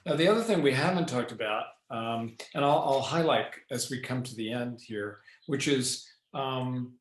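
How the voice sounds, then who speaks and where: A man, a leadership professor, explaining ideas as a podcast guest, deliberately varying his pace and pausing for effect. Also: medium pitch, lively intonation, echoey room. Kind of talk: podcast interview.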